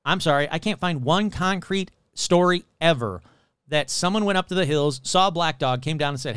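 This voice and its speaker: A man's voice: fairly high pitch, normal speed, a bit bright, smooth, dry recording, clean studio sound. A man hosting a casual comedy podcast, sarcastic and profane, rambling as he mocks a legend. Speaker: podcast host.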